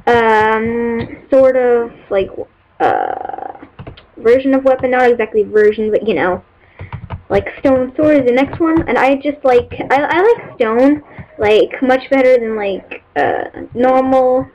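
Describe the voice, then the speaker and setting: A woman casually commenting on her own gameplay, excitable and rambling, squealing and whooping when thrilled. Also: fairly high pitch, slow pace. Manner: rambling, many fillers. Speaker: gaming channel host. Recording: dull lo-fi mic with faint hiss.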